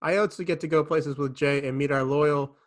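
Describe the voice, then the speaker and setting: A man's voice: fairly high pitch, steady tone, fairly quick, lightly acted. A man voicing a talking dog mascot in a mock-earnest ad read. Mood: mock sincere.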